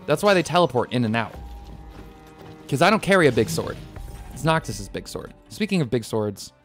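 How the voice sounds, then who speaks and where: A man streaming a video game, chatting in animated, jokey and rambling commentary into a desk microphone. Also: medium pitch, normal speed. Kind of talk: let's play commentary. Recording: game music behind.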